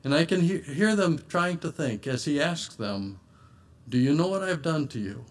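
A man's voice: a little high, expressive, moderate pace. Earnest man preaching a sermon. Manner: earnest, reads scripture in old-fashioned wording.

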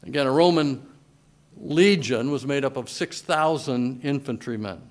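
A man's voice: mid-range voice, measured pace. A man preaching a sermon as pastor, reading scripture with emphatic, swelling delivery. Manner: emphatic scripture reading in old-style wording.

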